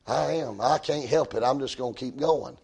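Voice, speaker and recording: A man preaching a sermon in a folksy way, dropping to a hush and rising to shouts. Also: mid-range voice, normal speed, vocal fry. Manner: folksy, swings from hushed to shouting.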